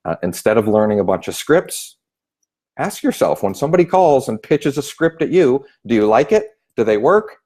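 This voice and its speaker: Male sales trainer, lively, acts out callers mid-talk. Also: mid-range voice, normal speed, husky. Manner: animated, acts out phone voices. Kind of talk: spoken training tip.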